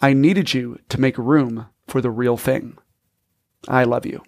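A man voicing a gentle, loving father speaking softly in a storytelling podcast. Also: high-pitched, big pitch swings, moderate pace, creaky, no room sound, heavily acted.

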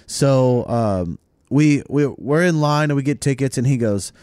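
A man's voice: medium pitch, unhurried, darkish tone, dry recording. A man in casual podcast chat, telling a story with swearing and acting out the lines of other people.

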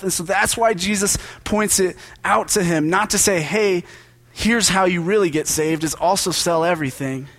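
A man's voice: sits high, fairly bright tone. A young man giving a casual, joking sermon as a preacher, talking to the congregation like friends. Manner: conversational and joking, with quick asides.

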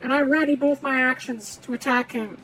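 A woman's voice: high-pitched, fairly even intonation, a little fast, a bit bright, faint music behind, poor audio. A woman playing a tabletop game, earnest and plain. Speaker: player.

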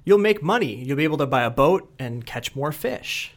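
A man's voice: fairly high pitch, expressive, normal speed. A man voicing a stressed businessman who grows angry and insistent while telling a story. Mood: pushy. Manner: raised, insistent lecturing.

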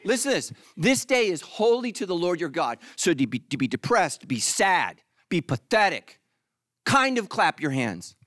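A man preaching a sermon as pastor, animated and joking, acting out the congregation in mock voices. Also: sits high, moderate pace, no room sound, studio quality.

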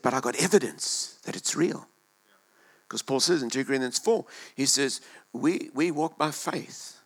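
A male pastor preaching a sermon in a church, impassioned, swinging between loud and hushed delivery and repeating words as he goes. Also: medium pitch, creaky.

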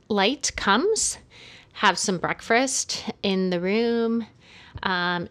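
A woman's voice: medium pitch, fairly bright tone. A woman co-hosting a casual podcast chat, walking through each step steadily with many "um"s.

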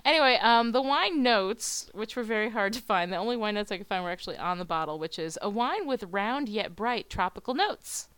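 A woman's voice: mid-range voice, animated, a little fast, hardly any pauses, fairly bright tone, smooth, no echo. A tired woman co-hosting a podcast, rambling and giggling in casual chat. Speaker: podcast co-host.

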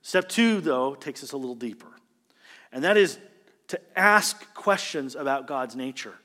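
A man preaching a sermon as pastor, earnest and rising in pitch and volume when he presses a point. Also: animated, measured pace, a bit bright, big-room sound.

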